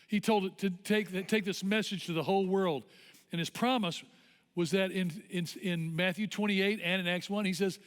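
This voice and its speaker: A male pastor preaching a sermon in an animated, conversational storytelling way. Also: high voice, normal speed. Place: church auditorium. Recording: long church hall reverb.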